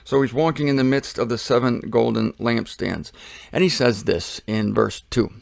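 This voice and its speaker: A man with a gravelly, fry-laden voice teaches from the Bible in a loose, rambling way. He jokes and slips in self-deprecating asides as he goes. The sound is close and dry, with no room around it. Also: mid-range voice, animated, normal speed, dry recording.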